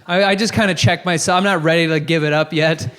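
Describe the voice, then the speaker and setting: A man's voice: fairly high pitch, fairly even intonation, quick pace, fairly bright tone. Brash, profane stand-up comic man. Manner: brash, profane, self-mocking storytelling. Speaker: stand-up comedian. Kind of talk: stand-up comedy set. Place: comedy club stage before a live audience.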